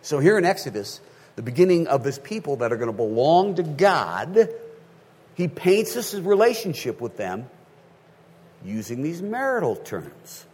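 Preacher, male, fairly high husky voice, lively pitch, keeps asking the room if they follow. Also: moderate pace. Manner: animated, checks in with listeners often. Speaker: pastor. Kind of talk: sermon.

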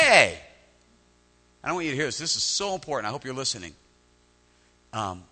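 A male pastor preaching a sermon, animated, often repeating words as he starts a phrase. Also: medium pitch, big-room sound.

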